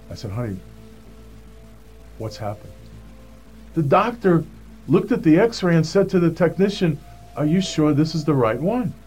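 In a medium-pitched, slightly mellow voice, a man earnestly recounts his personal faith testimony as a story, voicing the people he quotes.

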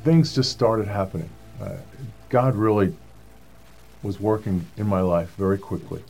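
A man with a lowish, slightly mellow voice speaks a little slowly as he tells his personal faith testimony, earnestly acting out the voices of people he quotes. Soft music plays in the background.

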